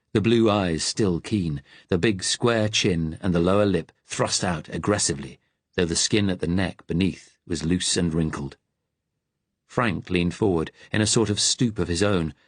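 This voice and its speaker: Deep, husky male audiobook narrator. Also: no room sound.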